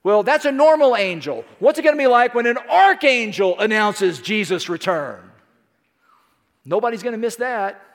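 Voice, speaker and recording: A man's voice: sits high, animated, normal speed. A middle-aged man preaching a sermon, emphatic and folksy, with rhetorical questions and stories. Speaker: pastor. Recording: long reverb of a large hall.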